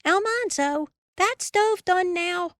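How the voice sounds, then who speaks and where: A woman voicing a bossy, nagging teenage older sister with a hurried, scolding, shrill manner. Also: very animated, no room sound, studio quality.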